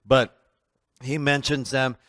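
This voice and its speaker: Male church class teacher, mid-pitched, emphatic, animated storyteller, dry close sound. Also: takes it slowly, dry recording. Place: church meeting room.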